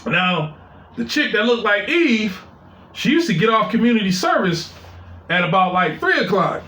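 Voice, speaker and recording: A man's voice: high voice, very animated, moderate pace, pushed and bright. Profane, rambling male storyteller, echoey room. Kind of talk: casual personal storytelling.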